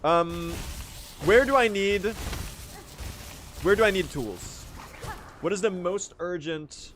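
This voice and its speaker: A young man from Sweden, a native Swedish speaker, giving excitable live commentary to his chat as he streams a speedrun, swearing and reacting as he plays. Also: high voice, slow pace, slight background noise.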